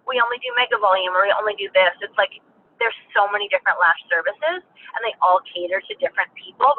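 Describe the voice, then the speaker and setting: A woman's voice: medium pitch, a little hiss or hum. A woman being interviewed as a business owner, telling her story in a chatty way full of filler words. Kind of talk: casual storytelling. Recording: tinny phone-like line.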